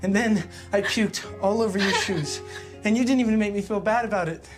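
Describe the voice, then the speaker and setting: A man's voice: high-pitched, over music, lightly acted. An actor playing an earnest teenage boy who halts and repeats himself as he tenderly confesses his love, in a teen drama series. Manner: tender, heartfelt, halting.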